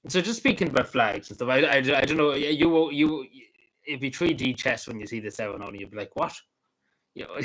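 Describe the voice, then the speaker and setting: A man hosting a casual livestream, talking in a halting, rambling way with frequent laughs and restarts. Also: medium pitch, fairly bright tone, rough recording. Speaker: livestream host.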